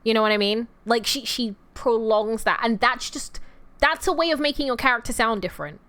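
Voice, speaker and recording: A woman's voice: fairly high pitch, a little fast, fairly bright tone. Chatty young woman streamer. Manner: chatty, rambling, self-interrupting, laughs easily. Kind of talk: casual livestream chat.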